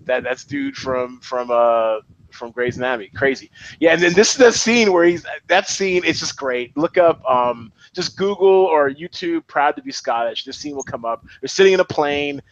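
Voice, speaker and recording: A man co-hosting a podcast, talking about movies in an animated way and restarting his sentences often. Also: a little high, normal speed, muffled recording. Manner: animated, excitable, many restarts. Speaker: podcast co-host. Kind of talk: casual film chat.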